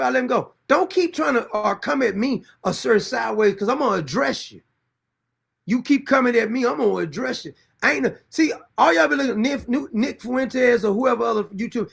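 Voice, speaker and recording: A man's voice: high-pitched, vocal fry, a bit bright, husky. A middle-aged man, hosting a livestream and bluntly scolding commenters in a confrontational, repetitive way. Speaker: show host.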